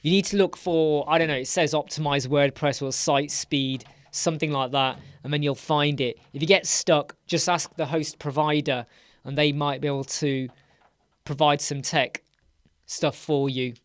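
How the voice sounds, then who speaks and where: A man's voice: on the high side, fairly even intonation, moderate pace, no room sound. Chatty, playful English man hosting. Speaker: web design live stream host. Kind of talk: casual live chat Q&A. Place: home room with a door.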